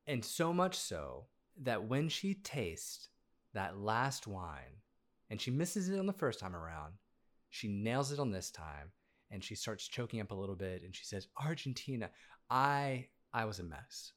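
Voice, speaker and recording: A man's voice: lowish voice, big pitch swings, unhurried, a bit bright. Playful man reviewing a movie. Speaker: podcast co-host. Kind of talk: casual movie review chat.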